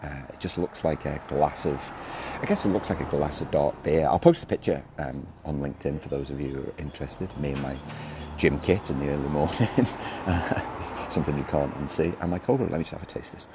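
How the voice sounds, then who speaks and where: A man's voice: a bass voice, brisk. A man hosting a casual solo podcast, chatting in a rambling, self-interrupting way while sitting outside a café. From Australia. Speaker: podcast host. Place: outdoors at a street café. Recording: noisy outdoor street recording. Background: street ambience, birds and passing cars.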